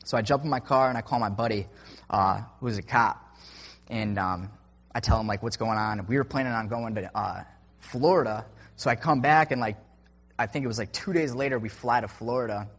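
A man's voice: medium pitch, brisk, fairly bright tone. A young man telling a personal story in a casual, rambling way, filling it with "like" and acted-out quotes. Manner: rambling, full of "like" and "I'm like" quotes. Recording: long reverb.

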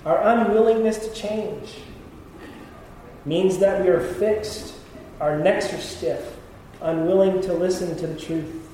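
A man's voice: high voice, steady tone, slow, warm tone, slight background noise. A middle-aged male pastor preaching a sermon, telling personal stories with self-deprecating jokes. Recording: echoey hall, mic at a distance.

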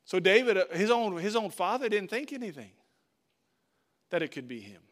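A man's voice: high voice, very animated, moderate pace. A male pastor preaching a sermon, emphatic and direct, often repeating his phrases.

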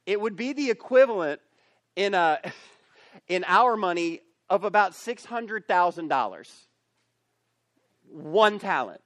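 A man with a notably high voice delivers a youth camp sermon as pastor. He tells the story with energy and slips into character voices. The sound is close and dry. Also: takes it slowly, pauses often, no room sound. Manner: animated, acts out characters in the story. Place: camp meeting space.

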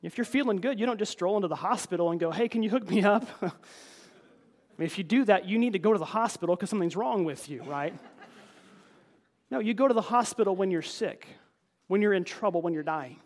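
A man's voice: high-pitched, animated, brisk, pauses often. A man preaching a conversational sermon in a church, earnest, often repeating words and calling the congregation folks. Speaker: pastor.

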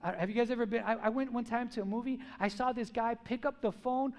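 A man with a strikingly high voice delivers a sermon. He speaks with emphasis, keeps putting questions to his listeners and acts out what people say. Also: steady tone, fast, a little mellow. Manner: emphatic, asks the crowd questions, acts out quotes. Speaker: preacher.

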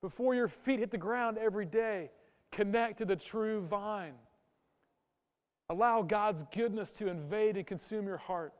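A male pastor with a high, smooth voice delivers an emphatic sermon. He keeps putting questions to his congregation. His words ring out with a long reverb through a church hall. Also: a little slow. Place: church sanctuary.

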